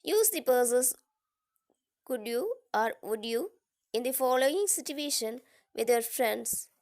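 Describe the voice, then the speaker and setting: Woman, teacher reading a lesson, slow and careful, pitched a little high. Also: a little mellow. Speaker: English teacher. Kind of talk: reading a grammar lesson aloud.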